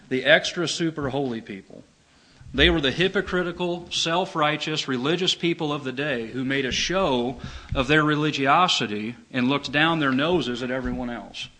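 A man's voice: mid-range voice, bright, forceful tone, low-quality recording. Guy preaching a sermon, earnest and emphatic, reads the verses out. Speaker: pastor.

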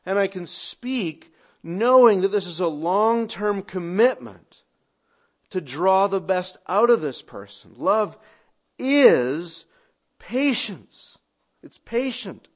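Male pastor, sermon delivery, slightly higher voice, dynamic swings between emphatic and hushed. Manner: expressive preaching with sudden drops to quiet, conversational asides.

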